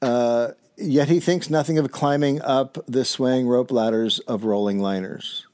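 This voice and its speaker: A man's voice: medium pitch, a little slow, a little mellow, clear, resonant tone. A man hosting a comedy podcast, reading old newspaper stories aloud and breaking off with wry comments. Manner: reads aloud with wry asides. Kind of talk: reading aloud and casual chat.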